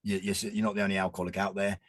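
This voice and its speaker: Fast-talking husky man. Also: deep voice, level tone, dry recording. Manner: rambling, restarts often, earnest. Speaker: podcast guest. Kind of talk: casual chat.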